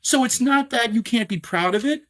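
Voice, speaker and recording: A middle-aged New York man who owns a scotch brand speaks in a podcast interview, his voice pitched extremely high at a moderate pace. He sounds animated, with plenty of fillers and restarts.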